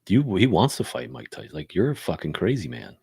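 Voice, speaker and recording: A man's voice: fairly low pitch, sing-song, fast, gravelly, mellow, husky, dry recording, studio quality. A man co-hosting a podcast, talking in an emphatic, profane, opinionated casual chat. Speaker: podcast co-host.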